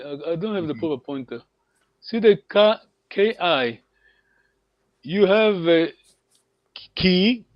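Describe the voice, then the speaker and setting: A man leads an online language lesson with a fairly high voice, cheering his students on and repeating words. His laughter comes often. The audio is dry and a little dull, like a video call. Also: dry recording. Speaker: language teacher.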